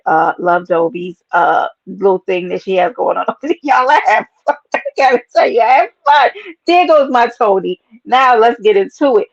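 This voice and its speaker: A woman chats through a casual livestream and greets her viewers by name. Her voice is playful and animated and bounces up and down in pitch. The sound is dry and a little dull. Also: no echo. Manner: animated, playful, talks to chat as baby and y'all. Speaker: livestream host. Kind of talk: casual livestream chat reading comments.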